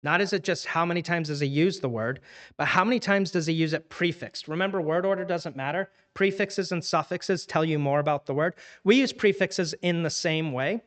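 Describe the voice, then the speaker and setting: A man's voice: fairly high pitch, brisk, fairly bright tone. A man teaching a church Bible class in a casual, conversational way, acting out everyday dialogue to make his points.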